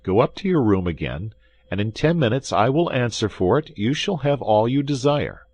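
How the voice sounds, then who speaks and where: A man's voice: mid-range voice, big pitch swings, moderate pace, a little mellow, no room sound, pitched above the performer's own voice. A man voicing a bold young male swordsman from a classic adventure audiobook, firm and commanding with a raised voice.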